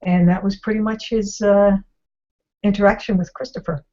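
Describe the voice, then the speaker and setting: A woman's voice: mid-range voice, steady tone, moderate pace, dark tone. Woman host, chatty storyteller, ums and restarts throughout, slightly dull video-call sound. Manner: rambling, with many fillers and restarts. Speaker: discussion host. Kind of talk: casual storytelling retelling.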